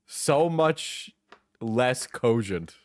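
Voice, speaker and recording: A man's voice: mid-range voice, lively intonation, very slow, no echo. A tired man from Wisconsin doing sarcastic live stream commentary, joking and laughing as he reacts to videos.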